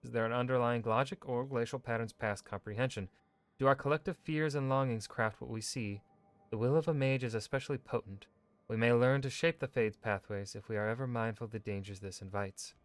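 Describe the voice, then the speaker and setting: A man streaming a video game, reading in-game lore texts aloud in a measured, steady way with brief asides. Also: mid-range voice, no echo. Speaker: gaming streamer.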